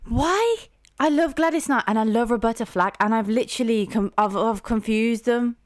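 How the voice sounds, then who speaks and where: A woman's voice: on the high side, normal speed, no room sound. Gushing young woman reacting to music. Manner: gushing, rambling with many fillers and restarts. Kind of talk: casual reaction commentary.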